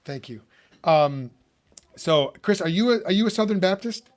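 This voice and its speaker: A Chicago man hosts a casual podcast interview, rambling chattily with lots of fillers and restarts. His voice is high and expressive, and he talks at a normal speed.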